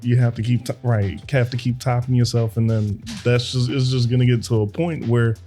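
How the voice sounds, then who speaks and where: A man's voice: mid-range voice, steady tone, normal speed, dark tone, faint music behind. A man co-hosting a podcast in casual chat, laid-back and slangy. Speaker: podcast co-host.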